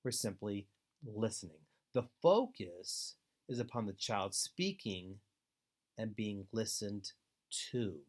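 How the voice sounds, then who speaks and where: A man giving an instructional webinar talk to foster parents, earnest and deliberate, with steady advising emphasis. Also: lowish voice. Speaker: foster care trainer.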